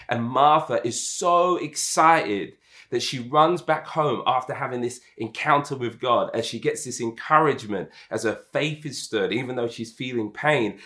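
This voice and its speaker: A man's voice: medium pitch, lively intonation, a little slow. Impassioned male preacher. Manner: impassioned, swings between soft and emphatic, repeats words. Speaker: pastor. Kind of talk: sermon.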